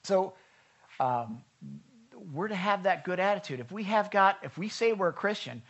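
A man's voice: high voice, lively intonation, moderate pace, fairly bright tone. Conversational male pastor, lo-fi church recording. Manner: conversational, quizzes the congregation. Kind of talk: sermon. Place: church service.

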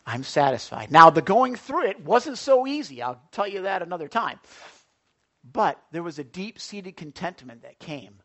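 Excitable man preaching a Bible sermon. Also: high voice, moderate pace. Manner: excitable, swings from loud exclamations to hushed asides.

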